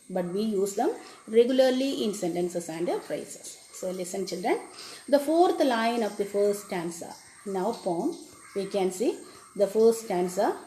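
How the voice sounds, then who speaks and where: A woman teacher, explaining a poem to children and repeating each definition slowly. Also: mid-range voice, warm tone. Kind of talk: classroom lesson on a poem. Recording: echoey room with faint background noise.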